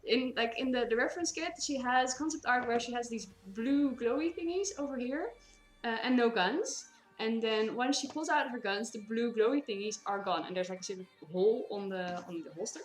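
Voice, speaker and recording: A woman's voice: on the high side, brisk, reverberant. A woman from the Netherlands with a Dutch accent, chatting casually on a cosplay stream, rambling with lots of fillers and restarts.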